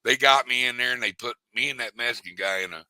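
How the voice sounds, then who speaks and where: A man's voice: mid-range voice, fast talker, crowd noise, rough recording. A middle-aged man, rambling through stories in casual chat. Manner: rambling, drawling storyteller.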